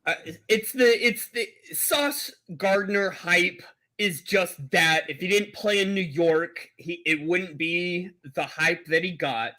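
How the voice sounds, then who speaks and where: A man's voice: high voice, slow pace, sharp tone. A man co-hosting a casual sports talk show, giving emphatic and opinionated takes. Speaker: co-host.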